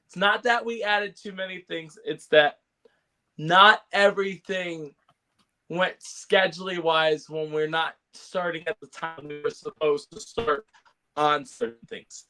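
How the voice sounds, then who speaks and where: A man's voice: a little high, steady tone, measured pace, bright, forceful tone. A man co-hosting a casual podcast chat, rambling with lots of fillers and laughs. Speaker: podcast co-host.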